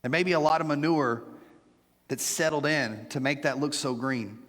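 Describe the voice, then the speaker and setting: A middle-aged man preaching a sermon as pastor, animated and joking with playful asides to his congregation. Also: medium pitch, normal speed, in a large hall. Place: church sanctuary.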